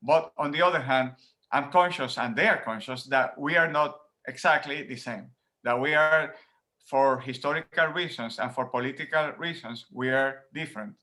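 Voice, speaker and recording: A man from Rico, a professor answering interview questions in an animated way, laughing often and repeating words as he thinks, talking from home. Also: mid-range voice, moderate pace. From Puerto Rico. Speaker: professor guest.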